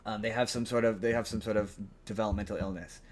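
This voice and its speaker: A man hosting a podcast, casually retelling a film plot in a rambling, animated way. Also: fairly low pitch, fast. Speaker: podcast host. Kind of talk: casual chat.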